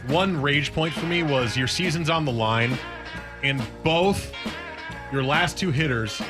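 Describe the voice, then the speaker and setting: A man's voice: a little high, measured pace, over music. A man co-hosting a sports radio show, talking casually and joking with his colleagues in the studio. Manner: joking, talkative.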